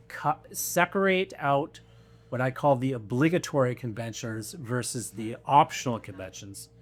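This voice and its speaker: A man's voice: medium pitch, a bit bright. A man speaking as a writer on a live convention panel, earnest and explanatory, restarting words as he thinks. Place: convention panel room before an audience.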